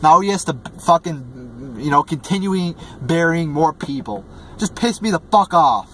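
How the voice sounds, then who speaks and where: A man's voice: fairly high pitch, expressive, measured pace, fairly bright tone, a little hiss or hum. A man ranting through a wrestling show review, swearing constantly and stumbling over restarts and fillers. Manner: profane and exasperated, heavy swearing, many fillers and restarts.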